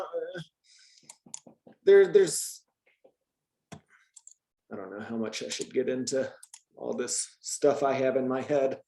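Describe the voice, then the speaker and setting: A man with a mid-range, warm voice tutors Spanish in a casual lesson, and the sound is roomy. He's chatty, thinking aloud as he goes, restarting sentences and checking in with frequent "right?"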